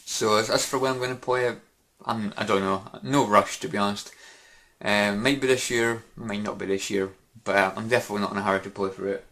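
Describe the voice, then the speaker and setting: A man's voice: on the low side, fairly even intonation, fairly quick, fairly bright tone. A man hosting a casual Q&A vlog, rambling and hesitant with many fillers and restarts. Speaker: YouTube gaming channel host.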